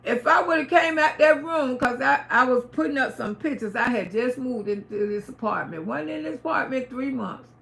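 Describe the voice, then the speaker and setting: A middle-aged woman talking to her livestream audience from home. Her voice sits high and bright, with a gravelly edge. She tells her story in an emphatic, repetitive, often profane way. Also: expressive, normal speed, few pauses. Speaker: livestream host. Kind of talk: casual storytelling to a live audience.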